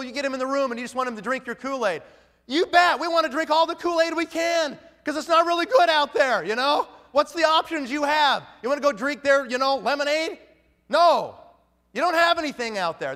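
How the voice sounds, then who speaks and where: A man's voice: very high-pitched, bright, forceful tone, in a large hall. A man giving an emphatic motivational talk at a conference, firing off rhetorical questions. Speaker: motivational speaker.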